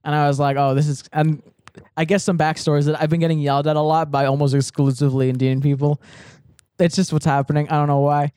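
A young man hosting a podcast, telling a story in a loose, rambling way. He talks fast and a little higher than most men, in a dry, close-miked room. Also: flat delivery, dark tone, smooth, no room sound. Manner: rambling, filler-heavy, laughing. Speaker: podcast host. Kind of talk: casual chat, storytelling.

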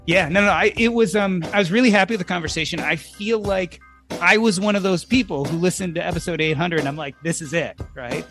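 A male podcast host chats with his guest, quick to laugh and agree. His voice sits fairly high for a man. Soft music plays faintly behind him. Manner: warm, laughs easily, short agreeing replies. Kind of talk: casual interview chat.

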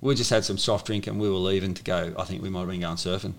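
A man's voice: deep voice, steady tone, quick pace. An Australian man in his fifties, a former rugby league player, telling stories in a casual, rambling way with many restarts. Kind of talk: casual storytelling interview.

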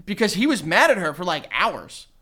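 A man co-hosting a podcast in casual chat, telling lively stories, acting out quotes and laughing often. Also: high voice, moderate pace. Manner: animated storyteller who acts out quotes and laughs often. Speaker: podcast co-host.

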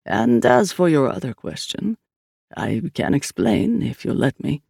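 A man voicing a calm older priest. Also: mid-range voice, creaky, husky, no echo, clean studio sound, heavily acted. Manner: measured, calm explaining. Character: deep, older male priest, studiously calm.

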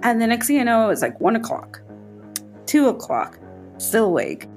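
A woman podcast host telling a personal spooky story in casual chat, her voice jumping high when she quotes herself. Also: very animated, moderate pace, faint music behind.

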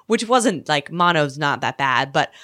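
A woman's voice: deep voice, expressive, unhurried, fairly bright tone. A woman from Canada in her thirties, telling stories in casual chat, swearing and acting out voices.

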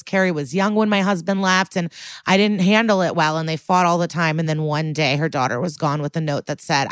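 Woman co-host, lowish voice, dry close sound; chatty, blunt, curses a lot. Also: no room sound. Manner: animated, blunt, swears freely, many likes and ums. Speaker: podcast co-host. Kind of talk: casual recap chat.

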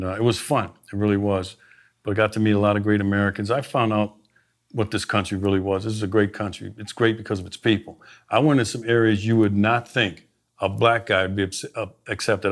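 Male guest, lowish voice, lively storyteller who voices each person in his anecdotes. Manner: animated anecdotes, quoting himself and others. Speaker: podcast guest, former sheriff. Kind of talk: conversational interview storytelling.

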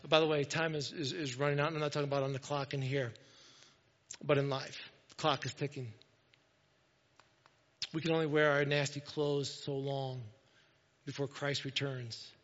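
A man preaching a sermon in a church, earnest and repetitive, moving between loud urging and quiet, hushed moments. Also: mid-range voice, level tone, moderate pace, long pauses. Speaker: pastor. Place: church sanctuary. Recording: dull echoey church hall.

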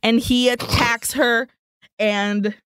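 A woman's voice: on the high side, steady tone, slow, a bit bright, clean tone, no room sound, clean studio sound. A woman co-hosting a podcast, retelling a film scene by scene in a casual, profane way and slipping Spanish phrases in. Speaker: podcast co-host. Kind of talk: casual movie recap chat.

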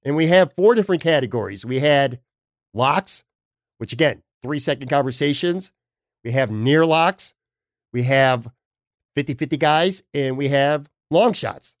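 A man's voice: medium pitch, lively intonation, a little slow, dry recording, studio quality. A man hosting a sports podcast, talking in a blunt, emphatic, casual way with the odd swear word. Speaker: podcast host.

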